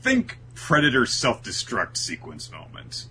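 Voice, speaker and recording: On a relaxed talk show, this co-host walks through a manga chapter and slips into the voices of its characters. His mid-range voice swings hugely in pitch, sounding bright and forceful at an unhurried pace, with slight background noise.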